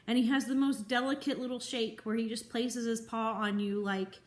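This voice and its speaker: A woman dog trainer talking earnestly to the camera in a vlog, teary and sniffly after a good cry. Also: a little high. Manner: slow, heartfelt, earnest. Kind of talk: emotional vlog talk to camera. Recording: echoey room.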